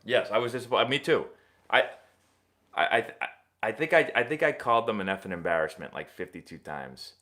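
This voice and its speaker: A young man hosts a casual live stream and answers viewer questions in loose sports-fan chat. His voice sits a little low. It swings widely up and down as he rambles and restarts his sentences. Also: expressive, a little fast, pushed and bright. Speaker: host of a live baseball Q&A stream.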